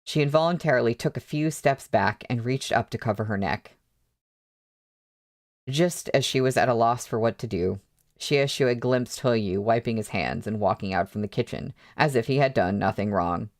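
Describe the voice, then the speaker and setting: Casual male read-along host; steady narration with rambling, filler-heavy comments, mid-range voice. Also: mid-range voice, moderate pace. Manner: chatty, hesitant asides with fillers. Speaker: book reader.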